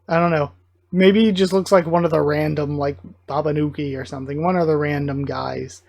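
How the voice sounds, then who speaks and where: Excitable man thinking aloud on reactions. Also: on the high side, brisk, vocal fry, no echo. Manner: excitable, musing and self-correcting. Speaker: reaction video host.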